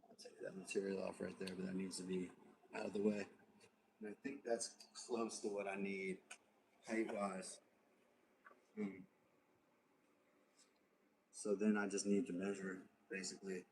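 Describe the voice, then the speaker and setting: A man with a fairly low voice talks through his work at the bench on a live stream. He is unhurried and often mutters half to himself as he measures and cuts, with a faint hum of the room behind him. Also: little pitch movement, creaky, darkish tone, poor audio. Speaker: host of a live crafting stream. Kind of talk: live workshop stream, thinking aloud. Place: home workshop.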